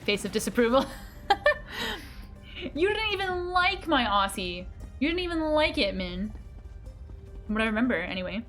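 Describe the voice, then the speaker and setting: A woman's voice: on the high side, big pitch swings, normal speed, long pauses, fairly bright tone, faint music behind. A woman streaming a game, chatting casually with her viewers in a bubbly, giggly manner. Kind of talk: casual live-stream chat while gaming.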